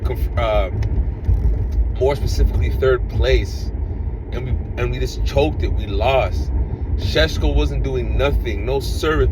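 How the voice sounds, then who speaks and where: A man's voice: medium pitch, background noise. A man talking as a football fan in a casual reaction vlog, frustrated and ranting, often repeating himself.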